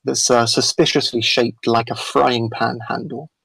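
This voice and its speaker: Male game master, tabletop narration, gravelly voice, halting delivery, dry close mic. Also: mid-range voice, fairly even intonation, sharp tone, no echo, poor audio. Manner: halting, many fillers and restarts.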